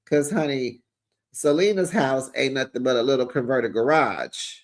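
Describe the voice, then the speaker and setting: A man hosting a casual reality TV recap, sassy and animated, talking straight to his viewers. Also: mid-range voice, normal speed.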